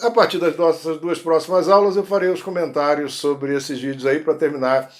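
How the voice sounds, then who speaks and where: A man's voice: on the high side, fairly even intonation, quick pace. A man, a language teacher, chatting casually to his students as he wraps up a lesson, with fillers and repeated words.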